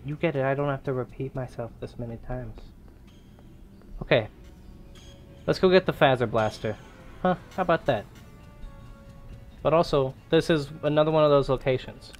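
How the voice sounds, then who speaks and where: A young man giving casual, rambling gameplay commentary, excitable and swearing now and then. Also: medium pitch. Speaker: gaming YouTuber.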